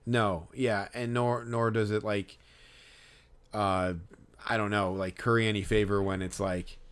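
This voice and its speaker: A man's voice: lowish voice, little pitch movement, unhurried, a bit bright, clean tone. A man co-hosting a podcast, telling a story in casual chat, rambling and hesitant with many fillers and restarts. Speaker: podcast co-host.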